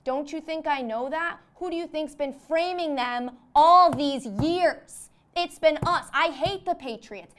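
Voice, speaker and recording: A woman's voice: high-pitched, measured pace, hardly any pauses, pitched above the performer's own voice. A woman voicing a smug, corrupt male cop who taunts and sneers in a comedy bit. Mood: smug taunting.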